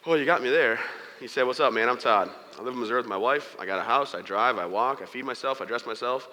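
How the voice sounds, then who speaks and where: A man with a bright, forceful voice delivers a motivational talk at a brisk clip. He tells his story with jokes and plays the other people in it. The sound carries a long hall reverb. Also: medium pitch. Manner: storytelling with humor, quoting others in character. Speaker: motivational speaker. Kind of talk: motivational keynote speech. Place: large hall before an audience.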